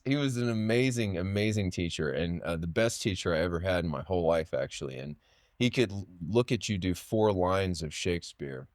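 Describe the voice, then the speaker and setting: A poet and writer in his late thirties guests on a podcast, telling stories casually in a low, deep voice at normal speed. He rambles, circling back with restarts and fillers, and the recording is dry and close with no room sound.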